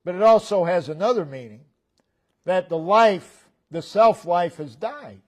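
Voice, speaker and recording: A man preaching a sermon as pastor in a church, repeating key phrases with emphasis and letting phrase ends fall to a low murmur. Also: animated, a little slow. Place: church sanctuary.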